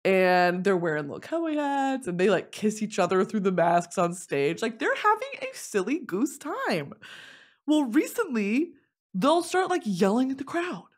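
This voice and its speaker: A young woman in her twenties telling a funny story in casual chat as a podcast host, dropping to low mutters and rising to squealing laughs. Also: moderate pace. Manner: animated, swings from low confiding mutters to shrieking laughs and squealed whispers.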